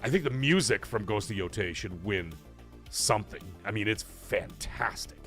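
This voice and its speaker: A man's voice: on the low side, animated, normal speed, a bit bright, faint music behind. A man hosting a casual live-streamed podcast from home, rambling and chatty as he reads out viewer comments. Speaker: livestream podcast host.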